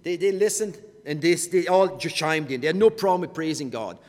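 A man's voice: a little high, a little fast, a little mellow, in a large hall. A man teaching a Bible study in a conversational way, often repeating words as he goes.

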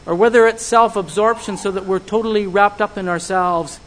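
A man preaching a sermon, earnest and measured, putting searching questions to his listeners. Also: high-pitched, steady tone, fairly bright tone, a little hiss or hum, poor audio.

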